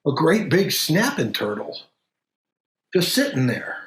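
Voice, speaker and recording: An actor playing a middle-aged country doctor who tells a strange story in an unhurried, halting way, full of pauses and fillers. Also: male voice, a little high, wildly swooping pitch, reverberant. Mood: steady recounting. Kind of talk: audio drama acting.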